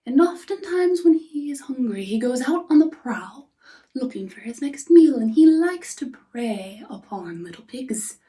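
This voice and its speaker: A woman narrating a fairy tale softly, often dropping into a whisper. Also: high-pitched, lively intonation, far from the mic. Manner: soft, often whispering, unhurried. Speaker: storyteller. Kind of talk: storybook narration.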